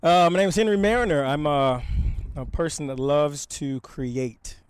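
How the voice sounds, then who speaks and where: A man's voice: a little high, moderate pace, smooth, dry recording. A man from Louisiana with a Southern accent, chatting loosely as an interview guest, rambling with lots of "uh" and "you know.". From Shreveport, Louisiana. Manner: rambling, filler-heavy, easygoing. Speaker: guest, apparel brand founder. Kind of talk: casual interview chat.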